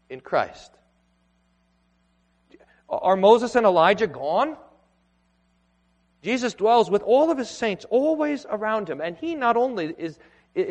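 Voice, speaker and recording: High-voiced man preaching in a reverberant church. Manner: earnest, emphatic preaching with pauses and restarts. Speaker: pastor. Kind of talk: sermon. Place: church sanctuary. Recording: long hall reverb.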